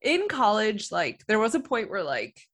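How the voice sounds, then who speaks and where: A woman's voice: medium pitch, wildly swooping pitch, normal speed, fairly bright tone. A young woman hosting a podcast, chatting casually with lots of fillers. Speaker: podcast host. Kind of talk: casual chat.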